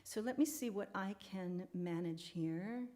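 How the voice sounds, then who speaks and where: A woman's voice: medium pitch, dark tone. A woman hosting a live online concert, chatting casually and laughing easily as she reads viewer comments. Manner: chatty, laughs easily, talks fast when rambling. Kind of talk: live-stream chat between songs, reading viewer comments.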